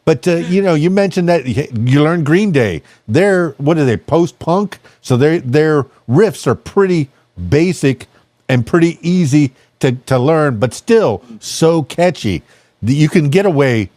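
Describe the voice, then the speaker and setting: A man's voice: a little high, lively intonation, unhurried, darkish tone, dry recording. A man hosting a podcast interview, chatting casually with a lot of fillers and jokes. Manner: rambling, jokey, many fillers. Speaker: podcast host.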